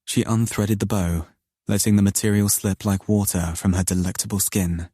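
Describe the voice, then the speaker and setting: A man narrating an audiobook in first person, in a slow, low, intimate and brooding manner. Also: steady tone, dark tone, breathy edge, dry recording, studio quality.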